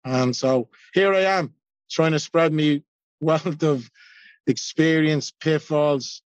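A man's voice: a little high, takes it slowly, no echo, dull audio. An Irish man in his forties giving a blunt, self-mocking personal share at a recovery meeting, swearing freely. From Ireland. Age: 40s.

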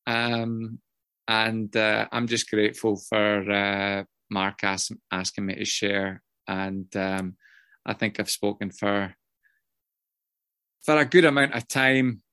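A man sharing a personal story with a group in a rambling, self-mocking way, swearing often and filling pauses with ums. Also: on the low side, level tone, bright, forceful tone, smooth, dry recording, clean studio sound. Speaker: guest speaker sharing his story. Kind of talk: casual personal share to a group.

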